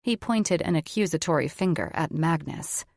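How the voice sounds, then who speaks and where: A woman reads fantasy fiction aloud in a measured, even way. Her voice is on the low side. The sound is dry and close. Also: creaky, dry recording. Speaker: audiobook narrator. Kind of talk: scripted fiction narration.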